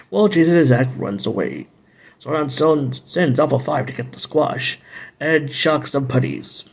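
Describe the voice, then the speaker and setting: A man with a gravelly, husky voice talks through TV episodes in a loose, casual review. He rambles, drifts into playful side comments and hums little tunes as he goes. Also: fairly high pitch, darkish tone. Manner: rambling, playful asides and humming.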